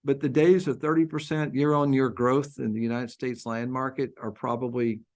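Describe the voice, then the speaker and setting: A man hosting a business webinar as an industry analyst, speaking in a measured, businesslike way over a video call. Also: medium pitch, fairly even intonation, darkish tone. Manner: measured, businesslike, wraps up with announcements.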